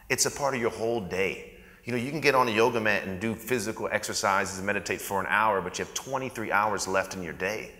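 A man giving a conference talk, acting out the people in his stories as he tells them. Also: medium pitch. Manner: animated storyteller acting out quotes. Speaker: conference presenter. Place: conference hall. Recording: echoey hall.

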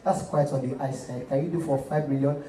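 A calm, wealthy gentleman voiced by a comedian who speaks slowly and softly, dropping his voice low. He is polite and unhurried. The voice rings in a roomy hall, caught from a distance. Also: lightly acted. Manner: quiet, slow, soft-spoken. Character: soft-spoken wealthy man, calm and polite. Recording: roomy live stage, distant mic.

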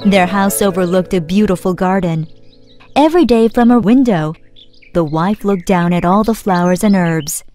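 Clear, expressive woman narrating a fairy tale. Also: medium pitch, normal speed, soft background music. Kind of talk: scripted storybook narration for children.

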